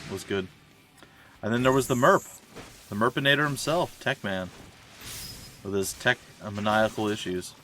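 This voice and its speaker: A man with a lowish voice talks through a video game stream in a loose, rambling way. He jokes at his own expense and drifts into asides from his day. Soft game music plays faintly behind him. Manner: chatty, self-mocking, meandering asides. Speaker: let's play streamer. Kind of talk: casual rambling gameplay commentary. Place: at home.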